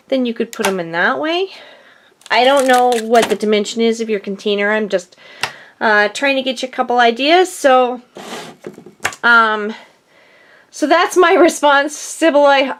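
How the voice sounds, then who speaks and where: Middle-aged lady rambling about crafts, kinda breathless, slightly high voice. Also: fairly bright tone, slight background noise. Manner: rambling, chatty, self-deprecating. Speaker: crafting vlogger. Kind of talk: casual chat. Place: home craft studio.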